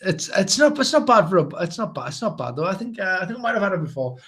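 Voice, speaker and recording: A man's voice: sits high, big pitch swings, fast talker, fairly bright tone. A British man co-hosting a casual chat show, rambling and laughing, repeating words as he goes. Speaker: co-host.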